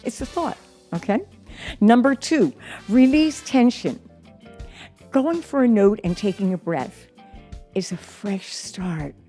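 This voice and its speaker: Woman, voice teacher, unhurried delivery, medium pitch, faint music underneath. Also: lively intonation, dark tone. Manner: slow, encouraging, reads aloud and sings examples. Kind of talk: singing lesson with demonstrations.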